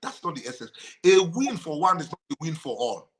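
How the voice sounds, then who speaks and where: A man's voice: on the high side, big pitch swings, fairly quick, fairly bright tone. A man, a pastor and marriage counselor, teaching about marriage in conversation and repeating key phrases for emphasis.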